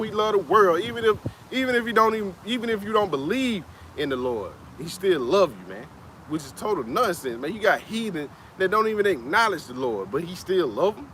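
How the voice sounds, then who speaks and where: A man's voice: on the high side, fairly bright tone, slight background noise. A man preaching in a loose, conversational way outdoors in a city, often tacking "man" onto his sentences and chuckling now and then. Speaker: street preacher. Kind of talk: casual preaching talk. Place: outdoors in a city, Atlanta area.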